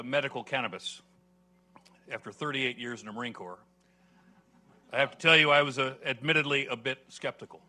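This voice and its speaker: A man in his sixties, president of a policy institution, welcomes an audience at a podium with an earnest, measured manner, pausing on "uh" and leaning on key words. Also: medium pitch, pushed and bright. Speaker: host and think-tank president. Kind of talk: formal welcome speech at an event. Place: event hall before a seated audience.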